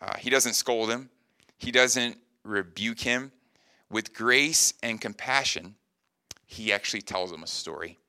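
A man's voice: lowish voice, unhurried, sharp tone, clean tone, no room sound. A man preaching a sermon in an earnest, conversational way, often checking in with the listeners. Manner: earnest, conversational preaching with frequent "right?" asides. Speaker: pastor.

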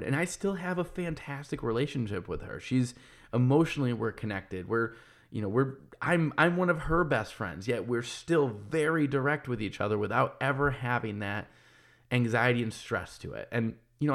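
With a mid-range, fairly bright voice, lively intonation and some vocal fry, a man in his thirties talks a little fast. He's a podcast host and business owner speaking candidly in a casual monologue, swearing freely and restarting his sentences as he thinks aloud.

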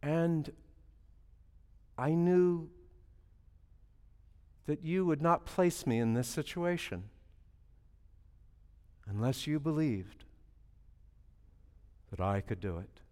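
A man voicing his young daughter, soft, hesitant and earnest, as he retells her words in a sermon. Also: a little high, expressive, takes it slowly, pauses often. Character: timid young daughter learning to ski. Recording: long reverb of a large hall.

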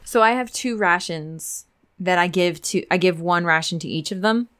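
Low-voiced woman tabletop player. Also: normal speed, a bit bright, clean tone. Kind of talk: casual tabletop play.

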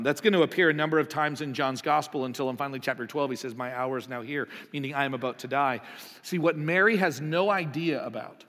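A man's voice: a little high, fairly bright tone. Conversational male pastor in reverberant hall. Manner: conversational, rhetorical questions, acts out voices. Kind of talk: sermon.

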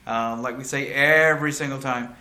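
A podcast co-host chats casually, playful and mock-boastful. His medium-pitched voice sounds pushed and bright, with fairly even intonation at normal speed.

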